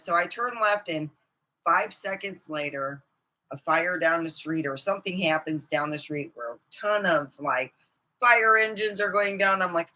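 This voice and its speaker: A woman ranting profanely to her camera, swinging from low muttering to outbursts of shouting. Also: a little slow. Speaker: vlogger. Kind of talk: angry ranting monologue.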